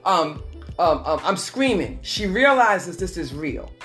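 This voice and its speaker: A woman with a somewhat low voice tells her story as a guest, earnest and repetitive, slowing down to press her words. Faint music plays softly underneath. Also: big pitch swings. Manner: repetitive, earnest, slows for emphasis. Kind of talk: emotional personal testimony.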